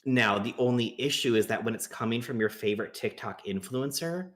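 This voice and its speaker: A man speaks as a guest on a livestream, working through his point patiently and filling pauses with little words. His voice sits at a middling pitch. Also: a bit bright. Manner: reasoning step by step, hedging with fillers. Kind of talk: casual panel chat.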